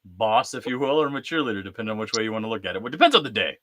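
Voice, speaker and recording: A man in his thirties hosting a casual live-stream chat, talking in a lively, chatty way and acting out bits of family conversation. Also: lowish voice, very fast. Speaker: host.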